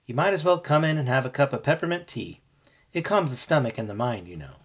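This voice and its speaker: A man reading aloud and voicing a polite, gentle grandmotherly retired teacher with a husky voice. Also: mid-range voice, animated, fast, dull audio. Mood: fussing, hospitable. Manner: gentle, fussy, hospitable.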